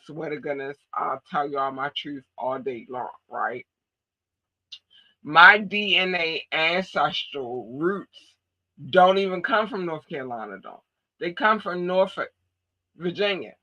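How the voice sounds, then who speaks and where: A woman's voice: low-pitched, expressive, measured pace, pushed and bright, lo-fi sound. A woman from Baltimore with a Baltimore accent, podcast host in casual chat, talking in an emphatic, blunt and profane way. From Baltimore, USA.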